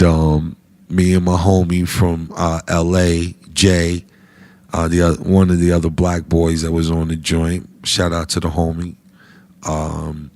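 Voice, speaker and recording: A man telling a comic anecdote in a casual, profane, slangy way, getting animated as he goes. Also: sits low. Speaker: storyteller guest.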